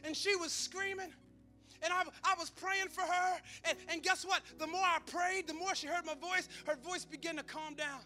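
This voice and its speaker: High bright-voiced preaching man. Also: steady tone, moderate pace, faint music behind. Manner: emphatic preaching with call-outs to the congregation; conversational storytelling with humor. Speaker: pastor. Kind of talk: sermon.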